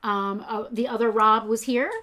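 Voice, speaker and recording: A woman's voice: fairly high pitch, fairly even intonation, moderate pace, bright, forceful tone. Chatty woman co-hosting a live stream. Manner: chatty, laughs often, rambling asides. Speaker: co-host of a toy shop live stream. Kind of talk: casual live-stream chat.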